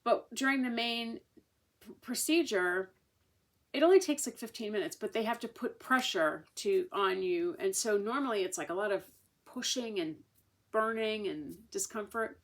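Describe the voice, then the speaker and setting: A woman with a mid-range, lively voice speaks at normal speed, casually telling a long personal story to camera. The vlogger is sharing a patient's experience, chatty and rambling with many restarts and fillers.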